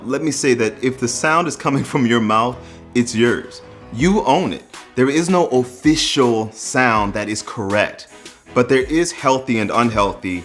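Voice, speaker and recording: A man gives an earnest, instructive voice lesson, explaining vocal technique in a mid-range voice with a fairly bright tone. He breaks into sung demonstrations along the way.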